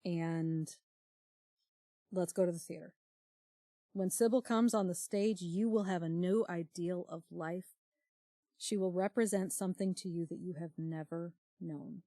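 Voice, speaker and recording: A woman's voice: on the low side, fairly even intonation, unhurried, pauses often, mellow, no room sound. Wry woman summing up a book. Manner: wry, summarizes plot with dry asides. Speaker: book club podcast co-host. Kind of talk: casual book discussion.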